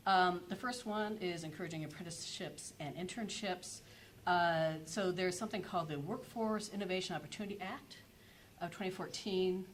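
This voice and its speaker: Panelist, woman, lower register, halting delivery full of "uh" and "like", faint background hiss. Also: low-quality recording. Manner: hesitant, many fillers and self-corrections. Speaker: energy policy panelist. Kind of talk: conference panel presentation.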